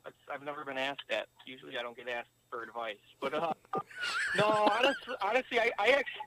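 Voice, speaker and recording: A man's voice: mid-range voice, lively intonation, fast talker, pushed and bright, a little hiss or hum, rough recording. A man, a former pro hockey player, telling a long story as a podcast guest, with lots of fillers and rambling asides. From United States. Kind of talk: casual storytelling interview.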